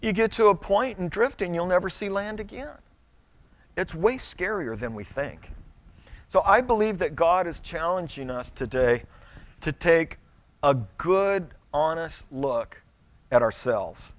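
A man's voice: high voice, expressive, measured pace. A middle-aged male pastor preaching a sermon in a conversational way, stumbling over restarts and acting out little quotes.

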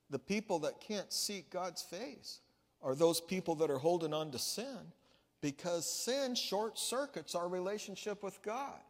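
Man, pastor, sermon, conversational storytelling, slightly high-pitched, reverberant church hall. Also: lively intonation, moderate pace. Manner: storytelling, conversational preaching with restarts. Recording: long reverb of a large hall.

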